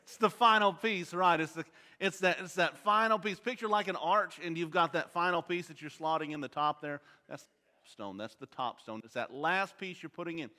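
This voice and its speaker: Bright-voiced man teaching a Bible class. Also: on the high side, moderate pace. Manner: quizzes the class with questions. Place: church auditorium. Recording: long hall reverb.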